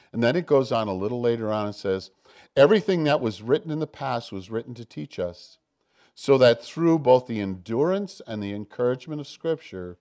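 A man preaching a sermon, swinging from hushed, intimate passages to loud, impassioned ones. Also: mid-range voice. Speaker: pastor.

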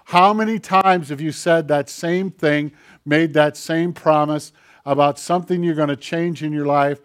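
Animated higher-voiced male preacher. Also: a little slow. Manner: animated, acts out quoted voices, conversational asides to the congregation. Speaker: pastor. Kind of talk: sermon.

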